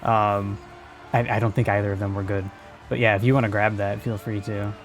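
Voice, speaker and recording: A man streaming a game, chatting casually with a co-host, relaxed and full of "like" fillers. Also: lowish voice, a little fast, faint music behind. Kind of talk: casual gameplay chat.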